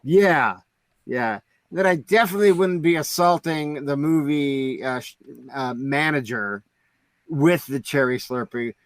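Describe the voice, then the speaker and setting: A man's voice: on the high side, unhurried, dry recording. A man co-hosting a podcast in casual chat, telling stories in a rambling way with many fillers. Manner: rambling storyteller, heavy on "like". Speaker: podcast co-host.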